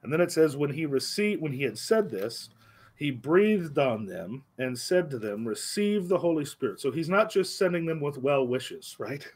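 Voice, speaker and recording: A man teaching an adult Bible class in a church, speaking earnestly and slowing down for emphasis on key phrases. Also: fairly high pitch, animated, slightly rough. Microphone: livestream microphone.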